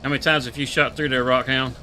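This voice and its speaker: A man's voice: mid-range voice, little pitch movement, fast, pushed and bright, faint music behind. A man, streaming a farming game and chatting casually with laughs and country phrasing. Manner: laid-back, laughing, drawling country talk. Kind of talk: casual live gameplay chat.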